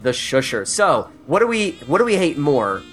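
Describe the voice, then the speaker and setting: A man's voice: a little high, moderate pace, soft background music. A man co-hosting a comedic podcast, ranting with lots of swearing and frequent laughter. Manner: profane, animated, laughing often. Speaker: podcast co-host. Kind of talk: casual comedic podcast rant.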